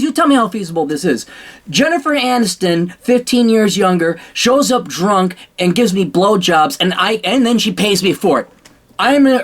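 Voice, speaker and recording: A man with a voice on the higher side holds forth in a loose, unscripted rant. He is blunt and sarcastic and swears freely, and he often pauses to clear his throat. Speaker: commentator. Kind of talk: casual ranting monologue.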